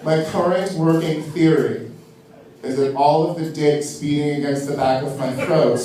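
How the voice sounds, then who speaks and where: A man performing a stand-up comedy set, theatrical and animated, swinging his pitch up high for emphasis. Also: normal speed, heavy reverb, far from the mic, a little hiss or hum, poor audio. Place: comedy club stage.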